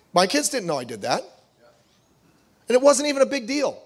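A man's voice: sits high, expressive, fast talker. A middle-aged man preaching a sermon, reading scripture aloud and acting out quoted voices with animation. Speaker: pastor.

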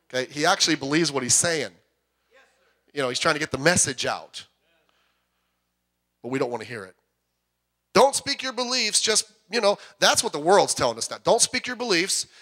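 High, bright-voiced preaching man. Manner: conversational preaching with asides and jokes. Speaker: pastor. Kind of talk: sermon. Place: church sanctuary.

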